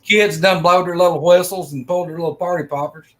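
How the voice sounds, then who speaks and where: Middle-aged man, slightly high voice, rambling folksy storyteller. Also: fairly even intonation, quick pace. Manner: folksy, rambling, acts out quoted lines. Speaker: storyteller of a personal encounter. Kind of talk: casual first-person storytelling.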